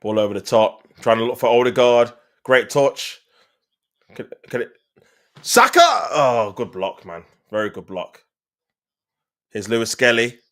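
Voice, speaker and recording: A man's voice: on the low side, steady tone, normal speed. A man hosting a live stream, giving casual, slang-heavy fan commentary on a match and getting exasperated at the play. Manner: slangy, talks to viewers, gets exasperated at play.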